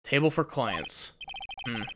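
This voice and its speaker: A woman's voice: rumbling low, very animated, slow pace, noisy background, heavily acted. A woman reading the lines of a young male defense lawyer, making dry, wry remarks, over game music. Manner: dry, wry remarks while looking around.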